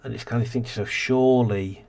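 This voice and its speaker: A man's voice: mid-range voice, steady tone, brisk, gravelly, darkish tone. A man casually commentating a city-building game as host, rambling and thinking aloud, tired and yawning. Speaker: let's play host.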